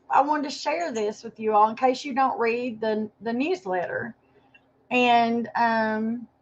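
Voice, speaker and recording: A woman chatting on a livestream, rambling and apologetic as she talks to viewers by name. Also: on the high side. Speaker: livestream host. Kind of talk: casual livestream chat. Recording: dull lo-fi livestream audio.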